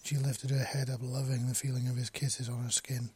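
A man's voice: mid-range voice, level tone, a little fast, darkish tone, breathy edge. A man reading a romance story aloud, with small slips and restarts. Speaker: narrator. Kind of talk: amateur fiction reading.

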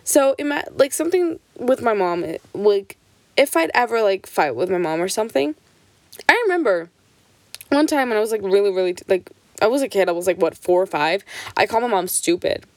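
A woman's voice: medium pitch, dry recording. Young woman telling stories, swearing. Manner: swears freely, heavy on "like" fillers; animated, jumps between quick and drawn-out phrases. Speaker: vlogger. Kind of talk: casual storytelling.

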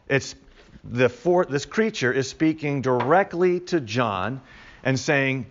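A man's voice: medium pitch, expressive, unhurried, highs cut off. A man teaching a Bible study class in a conversational way, repeating key words with emphasis for the group.

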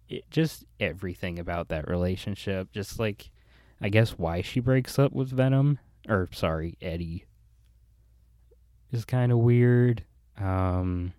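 A young man with a somewhat low voice picks films apart in casual chat. His delivery is dry and critical, and he often repeats a word before getting going. The recording is close and dry, with no room sound. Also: dark tone, clean tone, dry recording. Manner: dry, critical, repeats words when starting.

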